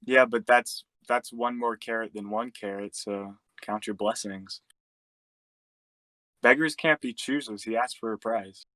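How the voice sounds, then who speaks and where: A man in casual chat with friends, joking in a deadpan way and bargaining stubbornly. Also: lowish voice, measured pace, no room sound. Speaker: podcast co-host.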